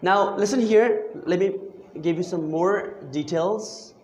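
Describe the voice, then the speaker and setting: A man's voice: high voice, slow, darkish tone, slight background noise. A man teaches grammar in a classroom. He keeps firing questions at his students and repeating key words back to them. The room is echoey and reverberant.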